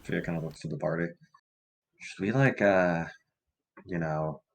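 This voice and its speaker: A man's voice: low voice, unhurried. A man playing in a tabletop game, talking casually and hesitantly with fillers. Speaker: player.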